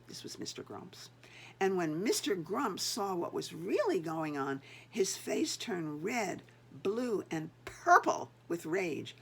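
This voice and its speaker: A woman's voice: medium pitch, huge pitch swings, takes it slowly, creaky, husky. An older woman, a grandmother, reading a picture book aloud and chatting to the children between pages.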